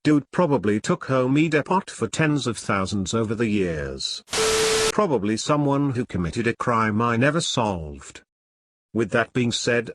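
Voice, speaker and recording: A man's voice: mid-range voice, fairly bright tone, no room sound. Dry, matter-of-fact male story reader. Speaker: narrator. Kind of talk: reading online stories aloud.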